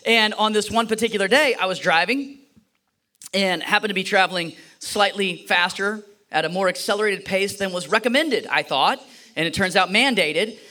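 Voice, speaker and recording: A man's voice: high voice, normal speed, sharp tone. A man preaching a sermon, telling a personal story and acting out the voices in it with a playful manner. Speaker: pastor.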